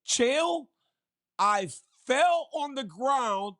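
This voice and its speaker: Male co-host, animated, laughing storyteller with a fairly high voice. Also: moderate pace. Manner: animated storyteller, laughs through his stories. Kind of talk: casual talk show chat.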